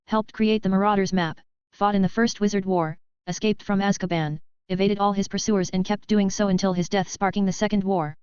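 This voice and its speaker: A woman narrating a first-person fan-fiction audiobook in a steady storytelling read. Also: medium pitch, clean tone, no echo, muffled recording.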